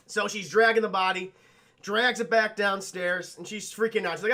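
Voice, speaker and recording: A man casually recapping a film on a livestream, animated and profane, laughing often and acting out the characters' lines. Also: high voice, normal speed. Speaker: film reviewer and streamer.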